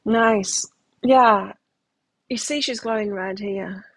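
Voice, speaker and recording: A woman's voice: mid-range voice, takes it slowly, a bit bright, husky, no echo, poor audio. A middle-aged woman giving a live tarot reading, talking in a reflective, self-help manner with frequent restarts. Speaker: tarot reader.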